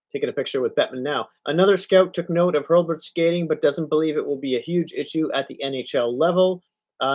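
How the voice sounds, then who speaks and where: Male stream host, casual live reaction talk, reads aloud, chuckles, lots of fillers. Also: fairly high pitch. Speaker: livestream host.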